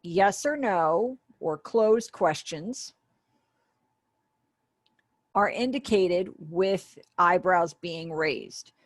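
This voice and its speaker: Lady voicing a sign language class online, lowish voice, dry close sound, chatty step by step explaining. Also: extremely slow, long pauses, no room sound. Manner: conversational, explaining step by step with asides. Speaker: ASL voice interpreter for a webinar teacher.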